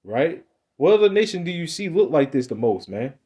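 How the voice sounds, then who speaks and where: A man's voice: fairly high pitch, sing-song, brisk, mellow, slightly rough. Emphatic man giving casual Bible teaching. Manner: emphatic, repetitive, ends phrases with "man"; loose, conversational slang and restarts. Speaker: preacher.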